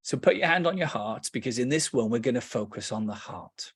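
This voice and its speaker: Husky-voiced British man guiding meditation. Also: medium pitch, no room sound. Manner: lively storytelling, playful asides; slows and softens into calm guidance. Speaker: meditation teacher. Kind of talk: guided meditation teaching.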